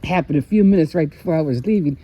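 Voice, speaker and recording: A woman's voice: deep voice, fast talker, lo-fi sound, a little hiss or hum. An older woman chatting casually in a vlog, telling stories with frequent laughs and restarts. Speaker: vlogger. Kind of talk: casual chat.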